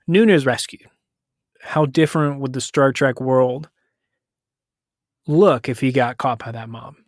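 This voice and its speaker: The host, an American man, speaks in a mid-range voice with fairly even intonation, retelling a story on his podcast in a loose, chatty way full of self-corrections and brief paraphrased quotes. There's no room sound; the audio is clean studio quality.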